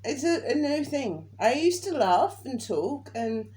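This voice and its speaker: A woman's voice: sits high, sing-song, a little slow, a little mellow, low-quality recording. A young woman chatting casually and giggling as she tells a family story. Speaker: daughter. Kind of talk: casual chat.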